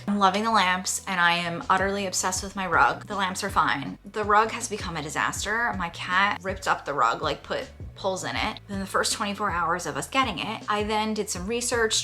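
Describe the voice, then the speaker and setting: Young woman, bright crisp voice, gushy home vlogger, self-aware drama, faint music behind. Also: on the low side. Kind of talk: casual vlog talk to camera. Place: home bedroom, indoors.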